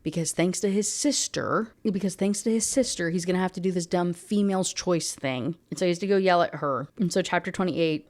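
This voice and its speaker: A woman's voice: lowish voice, a little fast, a little mellow. A woman giving a casual rant review of a book, rambling and heavy on fillers.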